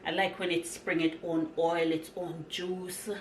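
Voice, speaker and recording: Slow-talking woman cooking in an echoey kitchen. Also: lowish voice, flat delivery, slight background noise. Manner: chatty and upbeat, talks to viewers while cooking. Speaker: home cook vlogger. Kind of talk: casual cooking demonstration. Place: home kitchen. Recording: echoey kitchen with clattering pots and dishes.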